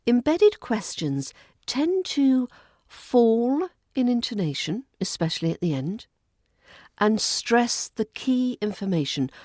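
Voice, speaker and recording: A woman with a Southern English RP accent, teaching a podcast lesson on polite British grammar in a clear, measured, polite way. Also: mid-range voice, a little mellow, dry recording, clean studio sound.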